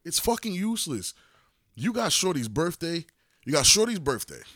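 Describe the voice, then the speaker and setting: A man's voice: on the high side, very animated, normal speed, fairly bright tone, no echo, studio quality. A man co-hosting a podcast in casual chat, blunt, profane and teasing as he argues his point. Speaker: podcast co-host.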